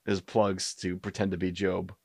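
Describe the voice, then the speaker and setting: Male podcast host, slightly low voice, recorded dry and close. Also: level tone, moderate pace, vocal fry, breathy edge, no echo. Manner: steers the talk, asks questions. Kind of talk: casual chat.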